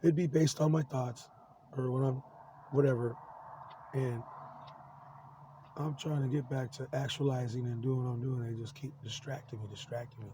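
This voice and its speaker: A man's voice: medium pitch, fairly even intonation, background noise. Cursing, agitated man in his forties. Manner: profane, agitated, halting with many restarts. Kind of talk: rambling personal monologue.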